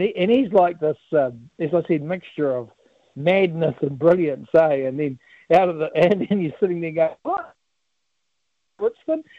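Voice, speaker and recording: A New Zealand man talks down a tinny, dry phone line as a radio interview guest. His voice sits on the high side for a man, and he rambles, laughs often and fills his pauses with ums and uhs. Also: no echo. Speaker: politician guest, campaign director.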